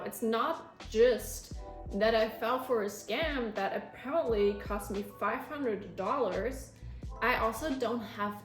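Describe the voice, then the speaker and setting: Emotional young woman telling a story. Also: a little high. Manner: emotional, animated storytelling, close to tears at times. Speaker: vlogger. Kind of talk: storytelling vlog. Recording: echoey room with faint music.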